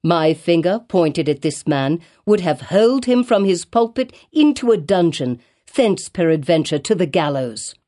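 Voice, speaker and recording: A woman's voice: fairly low pitch, big pitch swings, unhurried, few pauses, warm tone. Woman voicing a brooding old male physician. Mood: bitter.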